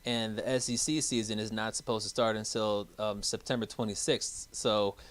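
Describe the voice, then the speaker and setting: Smooth-voiced man in sports banter. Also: on the low side, steady tone, moderate pace. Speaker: podcast co-host. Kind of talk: casual sports talk.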